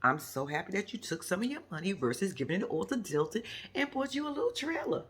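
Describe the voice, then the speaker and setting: Woman vlogger with AAVE speech, sassy recap talk, lively swooping pitch, slightly husky. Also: fast talker. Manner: sassy, animated storytelling with acted-out quotes and laughs. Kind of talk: casual reality show recap.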